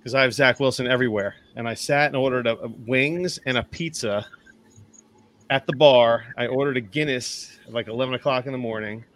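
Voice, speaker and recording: A man co-hosting a fantasy football podcast in casual chat, rambling and animated and swearing often. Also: mid-range voice, brisk.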